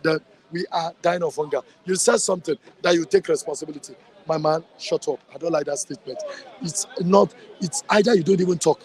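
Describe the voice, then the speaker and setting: Fiery high-voiced Nigerian man ranting. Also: fast talker, a little mellow. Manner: fiery, ranting, mixes in Yoruba. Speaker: street interviewee. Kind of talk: impassioned street commentary.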